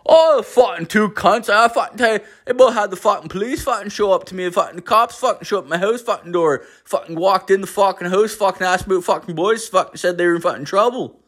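A man's voice: high-pitched, fast talker, hardly any pauses, pitched above the performer's own voice. A man voicing a brash, foul-mouthed middle-aged man from Newfoundland, putting on a Newfoundland twang and ranting with nonstop swearing. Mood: griping. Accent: put-on Newfoundland twang. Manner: constant swearing, loud blustering rants.

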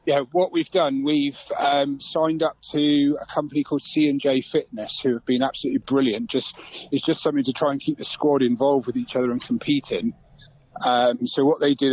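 A man talks in a relaxed, chatty way, full of fillers and restarts. His voice sits at an everyday pitch. The sound is a little dull, as if the line has lost some of its top end. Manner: easygoing, chatty, with frequent fillers. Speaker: club secretary interviewed on local radio. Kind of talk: casual phone interview.

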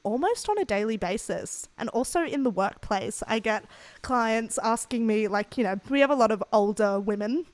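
A young Australian woman telling frank, animated stories in a casual podcast chat. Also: fairly high pitch, normal speed, no room sound. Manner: frank, animated storytelling with laughs. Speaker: podcast co-host.

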